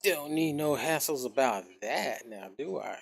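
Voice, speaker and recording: A man's voice: medium pitch, animated, unhurried, creaky, breathy edge. A man streaming a video game, chatting casually with his viewers in a loose, rambling way, swearing now and then and humming little scat noises. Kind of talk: casual gaming stream chat.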